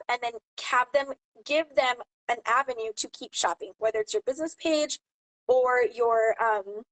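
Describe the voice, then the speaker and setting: A mom talking casually to camera, giving business tips and acting out lively quoted exchanges. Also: female voice, a little high, low-quality recording. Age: adult mom. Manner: chatty, animated storyteller acting out quotes. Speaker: jewelry seller and channel host. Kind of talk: casual advice talk to camera.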